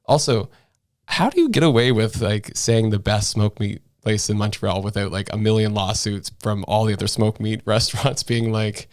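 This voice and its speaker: Chatty low-voiced male podcast co-host. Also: normal speed, dry recording, studio quality. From New Brunswick, Canada. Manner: chatty, rambling, laughs often. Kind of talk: casual political chat.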